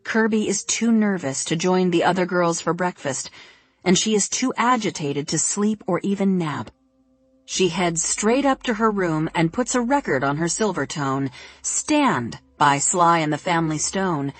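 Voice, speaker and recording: A woman reads a novel aloud in a steady, even narration. Her voice sits fairly low, and the recording is very dry and close. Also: no room sound. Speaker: audiobook narrator. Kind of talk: scripted narration.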